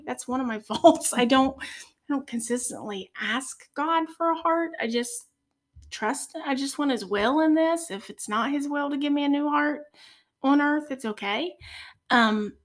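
A middle-aged woman speaking as a podcast guest in a heartfelt faith conversation, earnest and soft-spoken. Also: on the high side.

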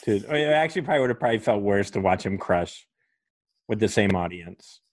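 A man's voice: fairly low pitch, animated, brisk, dry recording. A male comedian hosting a casual podcast, spinning a long rambling story full of swearing. His voice is recorded dry and close, with no room sound around it.

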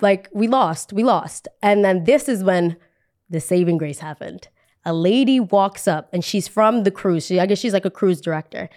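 A young woman from New Jersey, a podcast host telling a dramatic story with lively quoted voices. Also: medium pitch.

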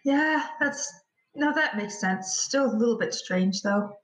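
Woman player, higher voice, teasing and playful, echoey room sound. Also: lively intonation, a little slow. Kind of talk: casual in-character tabletop chat.

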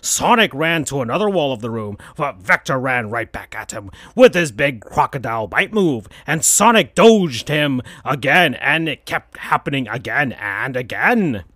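A man hosting a podcast, reading absurd fan fiction aloud in a slow deadpan. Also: medium pitch, dry recording, clean studio sound. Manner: slow, deadpan, breaks into laughter. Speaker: podcast host.

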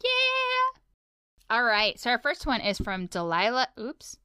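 A friendly woman co-hosting a podcast with a smooth, clear voice. She chats easily and reads listener mail. The sound is dry and close. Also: medium pitch, animated, normal speed, bright, forceful tone, dry recording. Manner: friendly, easygoing. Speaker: podcast co-host. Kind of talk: casual chat, reading listener mail.

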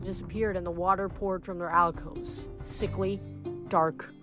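A woman reading a novel aloud in a steady storytelling voice. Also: on the low side, unhurried, music in the background. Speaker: audiobook reader.

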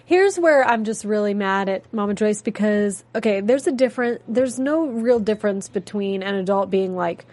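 A woman hosting a casual after-show chat, talking quickly and breezily with lots of asides. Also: mid-range voice, darkish tone. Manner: chatty, fast, with frequent "like" and quoted asides. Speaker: host. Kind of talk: casual chat recapping a TV episode.

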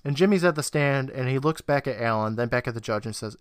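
A man's voice: medium pitch, fast talker, clean tone, no room sound, clean studio sound. A young man, a podcast co-host, retelling an episode's plot at length in casual chat, acting out lines and laughing often.

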